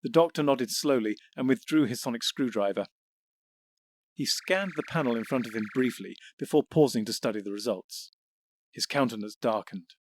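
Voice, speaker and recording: Male narrator, measured storytelling; mid pitch, dry close booth. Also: dry recording. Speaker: audiobook narrator. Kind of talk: scripted narration.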